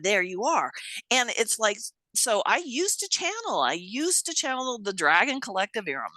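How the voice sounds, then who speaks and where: An animated woman guest telling a story in a casual interview, laughing often and swearing freely. Her voice is bright and swoops up and down. The recording is close and dry. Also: medium pitch, no room sound, rough recording.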